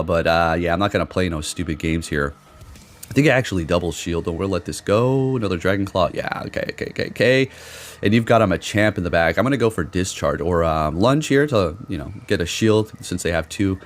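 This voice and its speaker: A man giving casual, excitable commentary over his own competitive game matches, swearing now and then. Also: sits low, a little fast. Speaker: gaming commentator.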